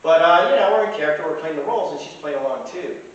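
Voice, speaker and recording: A man's voice: on the high side, expressive, quick pace, dull audio. Rambling man in an echoey room. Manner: rambling, chatty. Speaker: storyteller. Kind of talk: casual anecdote telling. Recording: echoey room, distant mic, faint hiss.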